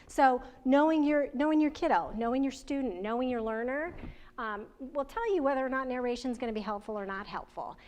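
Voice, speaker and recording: Woman, workshop presenter, conversational and chatty, voice a touch high. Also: expressive, brisk, a little mellow. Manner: conversational, chatty, laughs often, asks the audience questions. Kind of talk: training presentation to parents and educators.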